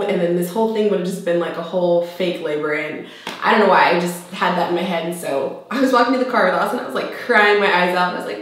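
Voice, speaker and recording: A young woman vlogger telling a personal story to camera in a casual, chatty way, jumping up high when she acts out quoted lines. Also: fast. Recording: very echoey room.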